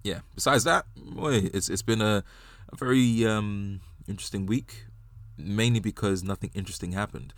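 A man's voice: fairly low pitch, moderate pace, hardly any pauses, dry recording. A young man in casual podcast chat, rambling in a laid-back way and often repeating his words.

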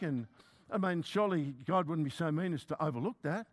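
An older preacher with a fairly high-pitched voice tells a sermon story about himself. He pokes fun at himself as he goes, and the congregation gets a laugh along the way. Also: very animated, brisk. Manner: humorous, self-mocking storytelling.

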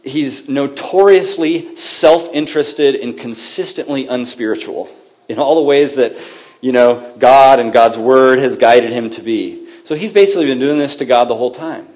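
A man as pastor, preaching a sermon in a conversational storytelling way, lively and often correcting himself mid-sentence. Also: mid-range voice.

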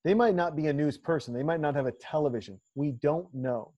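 A casual podcast host speaks a little high and a little fast, his dark-toned voice captured on a muffled recording. He talks emphatically, trading profane, crude jokes and riffing banter in a loose chat.

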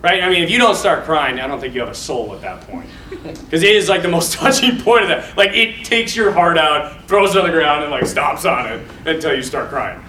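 Casting note: man with a high, bright voice, animated preacher to young men, echoey room from far off. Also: fairly quick, slight background noise. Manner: animated, casual, quotes scenes with feeling. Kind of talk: informal talk to young men.

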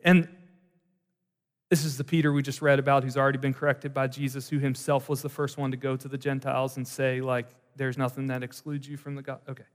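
A male pastor preaching a sermon in a conversational, animated way, with asides to the congregation. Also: medium pitch, brisk. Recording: long hall reverb.

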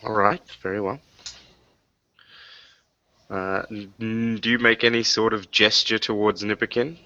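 A man running a tabletop game as game master over a voice call, jokey and halting with fillers. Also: lowish voice, little pitch movement, pushed and bright, no room sound, dull audio.

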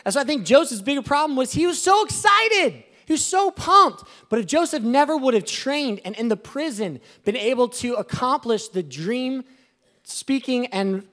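A man preaching a sermon as a pastor, animated and swelling to emphatic exclamations. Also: extremely high pitch.

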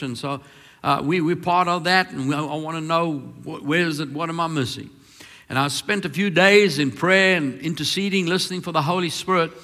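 A man preaches in a church hall with a long reverb trailing his words. His voice is bright and a little high for a man. He moves from emphatic, stretched-out proclamations to soft, confiding asides. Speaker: pastor. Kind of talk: sermon.

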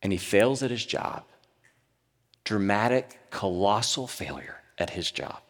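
A male pastor preaches with a highly animated, expressive voice, jumping from loud peaks to hushed lows. His words ring out with a long hall reverb. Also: unhurried. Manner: dynamic, swinging from loud bursts to hushed near-whispers. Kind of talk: sermon.

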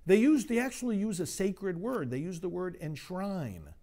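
Impassioned preacher with lively pitch. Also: male voice, normal speed. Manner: impassioned, rising to emphatic outbursts. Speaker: priest. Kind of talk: sermon.

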